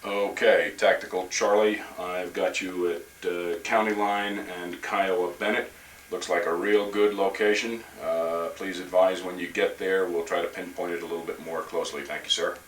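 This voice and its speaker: A man acting as net control on an amateur radio net, polite and measured, with frequent hesitations. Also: sits low, fairly even intonation, a little hiss or hum. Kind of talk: procedural radio net talk. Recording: echoey room, camcorder from far off.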